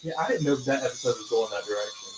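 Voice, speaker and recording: A man's voice: mid-range voice, rapid-fire. A man chatting casually, answering with short, laid-back reactions and questions. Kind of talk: casual chat. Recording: echoey room, faint noise.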